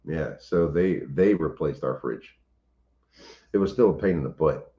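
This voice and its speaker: A very deep-voiced man chats casually on a home livestream, pausing and restarting as he greets viewers. The sound is roomy and slightly dull. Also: warm tone. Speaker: homestead channel host.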